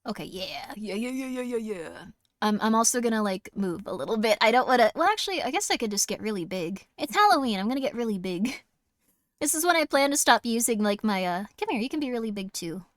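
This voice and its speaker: A woman's voice: fairly high pitch, expressive, fast talker, no echo, studio quality. A young woman streaming horror games, chatting casually in a bubbly, giggly, rambling way. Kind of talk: casual live-stream chat.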